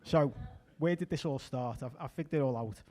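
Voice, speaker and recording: A middle-aged man performing a stand-up comedy set, chatty with deadpan asides and small restarts. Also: mid-range voice, fairly quick. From England.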